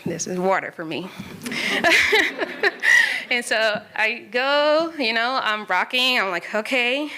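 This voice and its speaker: Woman telling her own story, chatty, laughs a lot, bright clear voice. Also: mid-range voice. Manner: conversational, laughs between lines. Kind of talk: personal storytelling.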